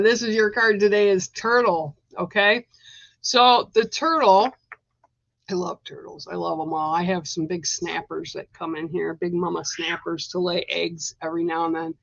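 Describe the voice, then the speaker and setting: A woman's voice: on the low side, normal speed, gravelly, no echo, muffled recording. Chatty woman giving a card reading. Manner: chatty, reassuring, addresses viewers directly. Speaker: psychic card reader. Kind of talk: live-stream card reading.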